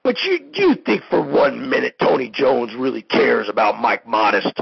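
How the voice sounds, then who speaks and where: A man hosting a show, a pro wrestler ranting in a heated, animated monologue full of "you know" and "man.". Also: mid-range voice, normal speed, creaky, few pauses, husky, no echo, muffled recording. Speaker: podcast host, pro wrestler.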